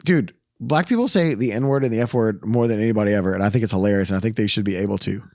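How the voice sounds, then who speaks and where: A man's voice: fairly low pitch, racing, darkish tone, no echo, clean studio sound. A man co-hosting a podcast in casual chat, ranting heatedly and swearing a lot. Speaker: podcast co-host. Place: podcast studio.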